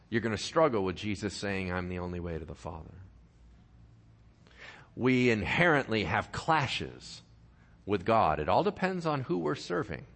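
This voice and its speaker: A man's voice: on the high side, a bit bright. A male pastor preaching a sermon, reading scripture aloud with dramatic emphasis and tossing playful asides to the congregation.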